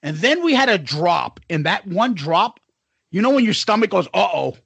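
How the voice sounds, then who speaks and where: A man co-hosting a podcast, telling a story in casual chat, animated and profane, acting out the people in it. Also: high-pitched, moderate pace, gravelly, breathy edge, no echo. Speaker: podcast co-host.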